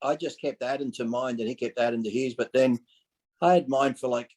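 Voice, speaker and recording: A man in his forties speaks a little fast at a medium pitch, with poor audio quality. Appearing on a podcast, he tells stories in a loose, animated way, voicing the people he quotes, swearing openly and laughing a lot.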